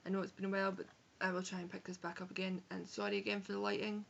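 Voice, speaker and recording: Young Edinburgh woman, frank and chatty book vlogger, creaky edge, muffled webcam sound. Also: mid-range voice, level tone, very fast, a bit bright, slight background noise. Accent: Scottish, Edinburgh. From Scotland. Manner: chatty, frank, sprinkled with swearing and self-corrections. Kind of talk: casual book review vlog. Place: home room on a rainy day.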